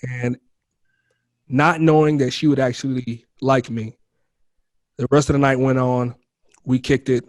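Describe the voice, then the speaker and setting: A man's voice: medium pitch, level tone, measured pace, pauses often, no echo. Guy guest on a podcast, casual and candid, keeps saying bro, dry close mic. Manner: candid, slangy, addresses the host as bro and man. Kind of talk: casual storytelling in an interview.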